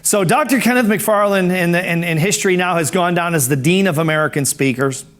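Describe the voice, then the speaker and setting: A man's voice: high-pitched, a little fast, a bit bright. A middle-aged man teaching a speaking course, telling anecdotes in a conversational way that often repeats words and restarts phrases.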